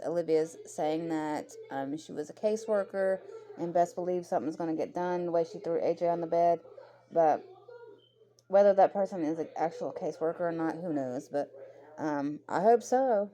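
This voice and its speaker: A woman's voice: low-pitched, warm tone. A young adult woman talking bluntly and emotionally in a casual commentary rant, swearing freely. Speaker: commentary vlogger.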